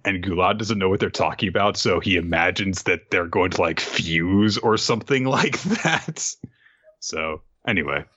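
Animated low-voiced man recapping. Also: normal speed, breathy edge, lo-fi sound. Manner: animated, rambling, laughs often. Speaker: podcast co-host. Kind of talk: casual comic recap.

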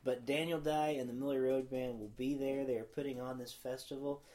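A man's voice: mid-range voice, fairly even intonation, fairly quick, mellow. A man hosting a podcast, talking earnestly and reflectively about a worship song, often trailing off mid-thought. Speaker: podcast host. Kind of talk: casual chat with worship singing. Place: podcast studio.

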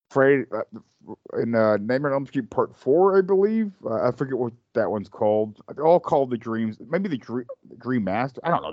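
A man's voice: medium pitch, dry recording. Rambling, profane man in casual chat. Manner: rambling, profane, many fillers. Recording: dull lo-fi sound.

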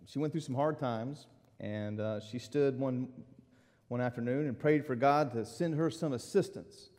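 A man's voice: fairly high pitch, warm tone. A male pastor preaching a sermon, telling a story and chatting with the congregation, heard in a church sanctuary. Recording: long reverb of a large hall.

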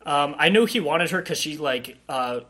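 Blunt young man with a slightly high voice. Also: animated, normal speed, pushed and bright. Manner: blunt, opinionated, joking. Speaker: podcast co-host. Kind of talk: casual movie review chat.

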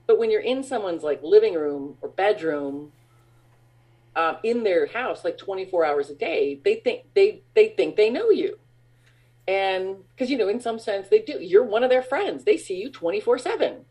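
A chatty woman in her forties tells long, loose stories as an interview guest. Her talk is full of fillers and restarts. She laughs at her own tales and leaps up high when she mimics excited fans. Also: moderate pace, husky. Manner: bright high tones when acting out fans. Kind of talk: casual interview chat.

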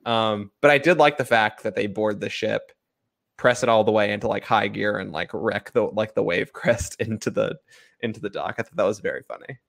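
A man's voice: fairly low pitch, a little fast, gravelly, fairly bright tone, no echo. Joking man on a dry mic. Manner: joking, loose, many fillers. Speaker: podcast co-host. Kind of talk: casual film discussion.

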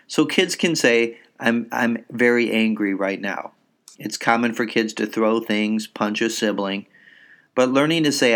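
A man hosting a parenting podcast, explaining anger and self-soothing in a calm, measured way. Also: on the low side. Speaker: psychologist podcast host. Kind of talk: educational parenting podcast talk.

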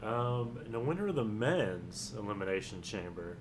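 A man's voice: on the low side, big pitch swings, normal speed, very noisy. A man co-hosting a podcast, rambling and laughing as he retells wrestling news in casual chat. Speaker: podcast co-host.

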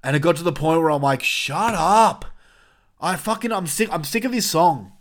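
A young man hosting a casual wrestling review podcast, animated and swearing, with jokey asides. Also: on the high side, fast talker.

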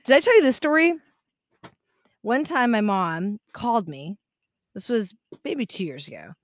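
A woman's voice: mid-range voice, unhurried, dry recording, clean studio sound. A woman co-hosting a podcast, telling stories in casual chat with lots of fillers and restarts. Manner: animated storyteller, lots of "like" and restarts.

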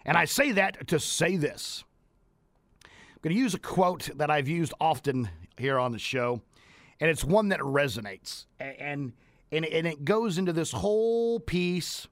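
A man's voice: on the high side, normal speed, dry recording. Emphatic talk radio host, man. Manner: energetic, emphatic, repeats phrases for effect. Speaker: radio show host and leadership coach.

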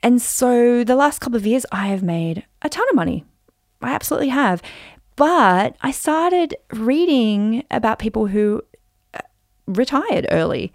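Woman, 40s, podcast host, gravelly, chatty and animated storytelling. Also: mid-range voice, no room sound, clean studio sound. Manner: chatty, animated, with fillers and acted-out reactions. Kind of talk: personal storytelling monologue.

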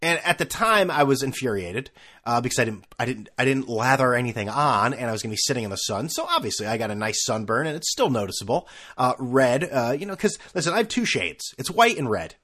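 A young man talks through a solo podcast in a loose, rambling way, stacking fillers and restarts as he goes. His tone is sarcastic and mocking, and his pitch swoops up and down in a lively, animated way. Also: fairly quick. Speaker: podcast host. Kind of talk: casual solo podcast monologue.

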